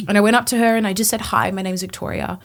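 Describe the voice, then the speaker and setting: A woman in her twenties, a podcast guest, telling her personal testimony in an animated way, acting out her past thoughts. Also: mid-range voice, racing. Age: 20s.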